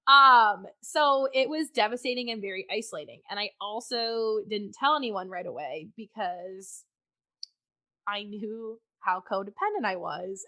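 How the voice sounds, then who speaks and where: A woman's voice: medium pitch, sharp tone. A woman guest on a podcast, frankly telling a personal story in conversation and swearing freely.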